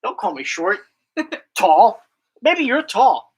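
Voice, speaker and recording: A man's voice: high-pitched, big pitch swings, slow, darkish tone, breathy edge, rough recording. A young man hosting a casual chat, rambling playfully and reading viewer questions aloud. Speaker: YouTube host.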